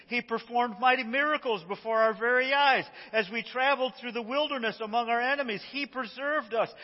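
High-voiced pastor preaching in a reverberant church. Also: male voice. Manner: storytelling, acts out quotes, chuckles often. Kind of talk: sermon. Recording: dull sound with long church reverb.

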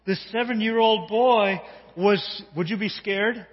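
A male pastor with a slightly husky, fairly high voice tells a story to his congregation in an animated way. The recording sounds dull and carries a long church-hall reverb. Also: unhurried. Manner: animated, talks directly to a child and congregation. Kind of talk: sermon with children's story. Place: church sanctuary.

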